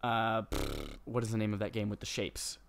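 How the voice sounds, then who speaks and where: A young man co-hosting a gaming podcast, talking casually in an animated, joking and enthusiastic way. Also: on the low side, moderate pace, creaky. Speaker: podcast co-host.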